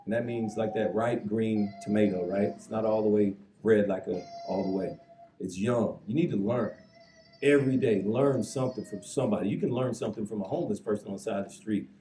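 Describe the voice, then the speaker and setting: A man in his thirties giving an earnest, reflective induction speech to a hall audience, now and then putting lively voices on the people he quotes. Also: fairly low pitch, brisk, distant mic, a little hiss or hum. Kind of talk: emotional acceptance speech. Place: large banquet hall. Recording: echoey hall, speaker away from the mic.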